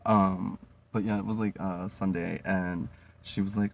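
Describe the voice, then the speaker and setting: Low gravelly young man rambling stories. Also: fairly even intonation, moderate pace, a little mellow. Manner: rambling, lots of "like" and "um", swearing, laughing. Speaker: vlogger. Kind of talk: casual comedic storytelling. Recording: distant mic, faint noise.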